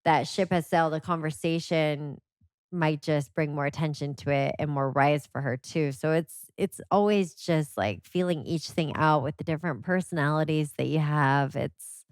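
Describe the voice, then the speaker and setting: A woman with a somewhat low voice chatting as a podcast guest. She tells stories animatedly and leans on "like" a lot. The sound is close and dry. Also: moderate pace, clear, resonant tone, dry recording. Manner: animated storyteller, many "like" fillers. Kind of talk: casual conversation.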